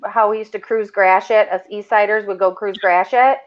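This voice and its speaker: A middle-aged woman from the area, telling a wild story in a loud, animated, swearing way with lots of laughing. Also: mid-range voice, normal speed. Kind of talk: casual storytelling. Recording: dull lo-fi sound.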